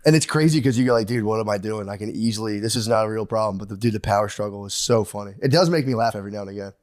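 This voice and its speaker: Fast-talking man in casual podcast chat. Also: on the low side, a little mellow, no room sound, studio quality. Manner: rambling, acts out quoted voices, swears freely. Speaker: podcast co-host.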